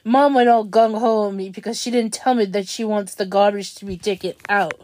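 A young woman venting in an upset, halting way, often restarting her sentences. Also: mid-range voice, steady tone, a little mellow, a little hiss or hum. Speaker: vlogger. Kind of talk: venting monologue.

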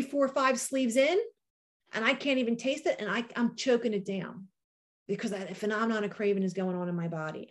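A woman speaking to a recovery group, sharing her own experience in an animated, storytelling way with sharp bursts of emphasis. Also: a little high. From New Jersey. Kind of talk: personal share, talking to a group.

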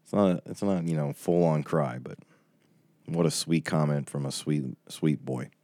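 Very deep-voiced man closing a Bible study. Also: measured pace, warm tone, dry recording. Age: 40s. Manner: chatty, reading out viewer comments. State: tearing up. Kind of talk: casual livestream Bible study wrap-up.

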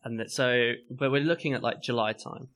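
A man's voice: mid-range voice, a little fast, a bit bright. A man co-hosting a casual podcast over a remote call, teasing and laughing often. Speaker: podcast co-host.

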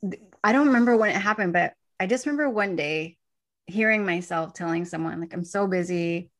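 A woman's voice: medium pitch, a little fast. A young woman hosting a casual talk show, chatting freely, laughing often and acting out quoted lines. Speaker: podcast host. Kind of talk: casual chat.

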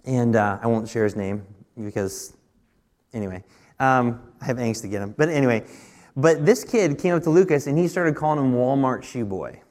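A man's voice: normal speed, a little mellow. A man in his thirties preaching at a midweek church service, telling a personal story in a conversational way and often restarting his words. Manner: rises in pitch and force when pressing a point. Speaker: pastor. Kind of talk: sermon.

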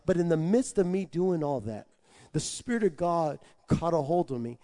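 A man preaching a personal testimony, telling it animatedly with stammered restarts and swinging from hushed asides to loud excited shouts. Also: high voice, fairly quick. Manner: animated storytelling with stammered restarts and made-up tongue syllables. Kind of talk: testimony sermon.

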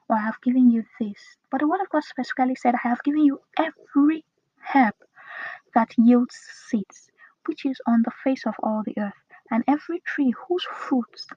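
A woman giving a devotional Bible teaching in a slow, breathy delivery that often drops to a whisper. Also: fairly high pitch, darkish tone, no room sound. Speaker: preacher. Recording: dull dry close recording.

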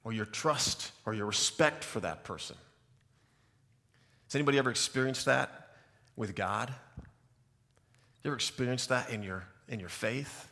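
Bright-voiced pastor in a hall. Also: male voice, medium pitch, moderate pace, long pauses. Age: middle-aged. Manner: chatty, self-deprecating, lively storyteller. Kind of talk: storytelling sermon to a youth group. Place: church hall with live audience. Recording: long hall reverb.

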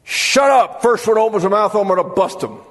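A preacher with a high voice delivers a sermon, spinning funny stories and slipping into the voices of the people he quotes. The sound hangs in the long reverb of a large church hall. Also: steady tone, fast talker. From United States. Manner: storytelling with humor, acting out quoted voices. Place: church sanctuary.

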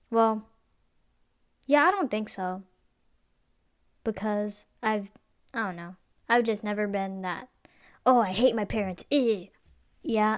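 A woman's voice: on the high side, smooth, dry recording, clean studio sound. A young woman hosting a podcast, telling personal stories in a rambling, casual way with lots of fillers and restarts. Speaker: podcast host.

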